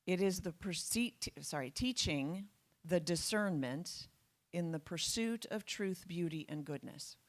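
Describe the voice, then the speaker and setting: A woman's voice: fairly low pitch, animated, a little slow, no room sound. A woman giving a public talk to an audience, emphatic and full of rhetorical questions. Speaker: guest speaker.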